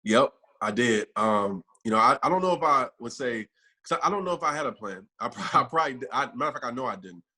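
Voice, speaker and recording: A man's voice: medium pitch, lively intonation, quick pace, bright, forceful tone. A man guesting on a podcast as a motivational speaker, earnest and reflective, speaking from his own experience. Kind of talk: reflective interview talk.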